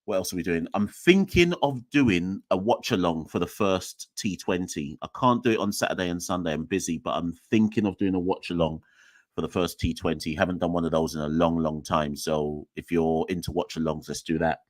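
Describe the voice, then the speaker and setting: Brief: young male podcast host, very low voice, dry close sound, rambling and self-deprecating. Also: fairly quick, no room sound. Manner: rambling, jokey, self-mocking. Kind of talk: casual solo sign-off chat.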